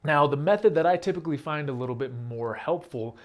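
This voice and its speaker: A man's voice: fairly high pitch, lively intonation, fast, very noisy. A man hosting his own channel, explaining a rap technique step by step in a plain, direct, casual way. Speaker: rap teacher and channel host. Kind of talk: casual instructional talk to camera.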